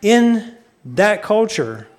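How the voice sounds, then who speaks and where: Man, sermon, slow deliberate delivery, slightly high voice, questions to the congregation. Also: sing-song, a little mellow. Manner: asks the audience questions; unhurried, deliberate. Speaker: preacher. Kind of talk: sermon teaching.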